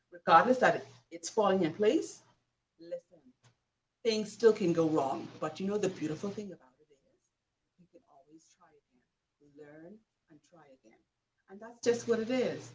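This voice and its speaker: A woman host delivering a motivational talk, emphatic and preachy, often asking the listener questions. Her voice sits at a middle pitch and sounds a little away from the mic. A faint noise runs underneath. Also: far from the mic, low-quality recording.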